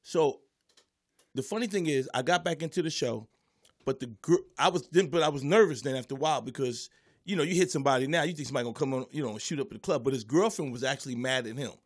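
A man's voice: medium pitch, fast. A man who is a stand-up comedian, casually telling a story and acting out the voices and noises of the people in it.

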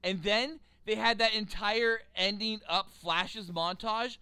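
Man, podcast co-host, high bright voice, smooth and dry sound, animated, swears, acts out movie lines. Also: takes it slowly, dry recording. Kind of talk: casual comedic movie chat.

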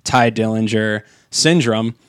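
A man's voice: fairly low pitch, slow pace, clean tone, no echo. A man co-hosting a podcast in casual chat, rambling with many fillers and restarts on a close mic. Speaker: podcast co-host.

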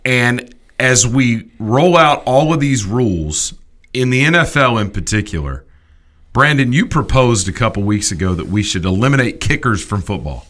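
Bright-voiced man ranting on sports talk. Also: medium pitch, moderate pace. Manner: animated, emphatic ranting with restarts. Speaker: sports talk show host.

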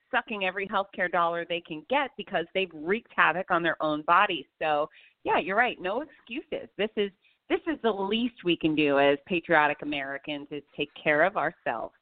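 A woman guest from Florida, talking fitness in a live interview, blunt and emphatic. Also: lowish voice. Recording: dry, tinny phone-like line.

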